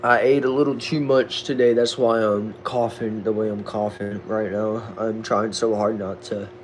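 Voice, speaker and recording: A man's voice: fairly low pitch, flat delivery, normal speed, slight background noise. Tired, chatty American man on stream. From United States. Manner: chatty, greets viewers by name, asks for comments. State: tired, sleepy. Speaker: live-stream host. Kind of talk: casual live-stream chat reading viewer comments.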